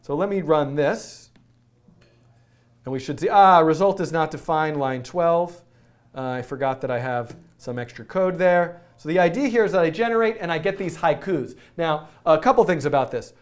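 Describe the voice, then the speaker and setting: A man's voice: on the high side, moderate pace. A man teaching a live-streamed coding lesson, talking through his code as he types and joking at his own expense. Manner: chatty, self-narrating while typing code; jokey, laughs at himself. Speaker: coding instructor.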